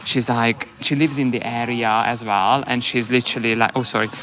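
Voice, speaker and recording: A man's voice: medium pitch, steady tone, brisk, bright, forceful tone. Chatty bubbly man in his thirties. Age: 30s. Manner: chatty and bubbly, laughs often, rambling restarts. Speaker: hairdresser. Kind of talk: casual chat. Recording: noisy background.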